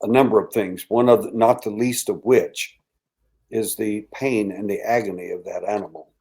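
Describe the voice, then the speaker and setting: Older man telling a story, hushed then lively. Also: fairly low pitch, moderate pace. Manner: animated storyteller who acts out quoted voices and drops to a hushed tone. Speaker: interview guest. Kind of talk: storytelling in a casual interview.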